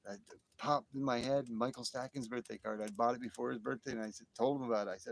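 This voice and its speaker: Rambling, excitable man streaming outdoors. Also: medium pitch, fast talker, vocal fry, slight background noise. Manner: rambling, exclamatory, easily excited. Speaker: livestream host. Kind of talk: casual live chat with viewers. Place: outdoors by a fire at night, light rain. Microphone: phone livestream.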